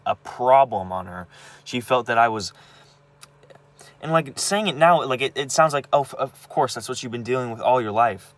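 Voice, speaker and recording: A man's voice: mid-range voice, fairly bright tone. A young man venting angrily about his family in a personal vlog, stumbling, restarting and swearing as he talks. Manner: angry, halting, many restarts and swearing. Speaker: vlogger. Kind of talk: emotional personal rant.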